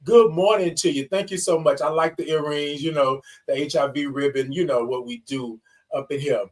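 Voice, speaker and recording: A man's voice: fairly high pitch, steady tone, moderate pace, distant mic. A man hosting a morning livestream, calling viewers y'all and baby and singing out long good mornings. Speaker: host of a morning livestream show. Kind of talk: lively livestream greeting viewers.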